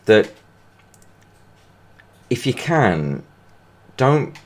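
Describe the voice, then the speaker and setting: A man's voice: mid-range voice, sing-song, very slow, a little mellow. A man, stuffy-nosed from hay fever, giving rambling, hesitant casual commentary while playing a football video game. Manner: rambling and hesitant, full of restarts. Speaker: gaming video creator.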